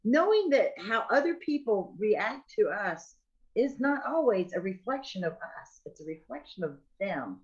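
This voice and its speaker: A woman joins a podcast as a guest and speaks in an earnest, reflective way. Her intonation swoops lively up and down. Her audio comes through dull and lo-fi. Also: medium pitch, unhurried. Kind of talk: casual conversational chat.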